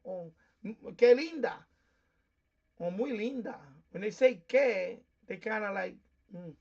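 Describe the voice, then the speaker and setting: A man from New York with a gravelly, high voice and a darkish tone hosts a shortwave radio live stream, chatting casually. He rambles and explains things with plenty of fillers, and the audio sounds dull.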